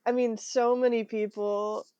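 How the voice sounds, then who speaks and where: A woman's voice: on the high side, little pitch movement, measured pace, dark tone, highs cut off, slight background noise. A young adult woman co-hosting a podcast, chatting casually with many fillers and giggles. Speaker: podcast co-host.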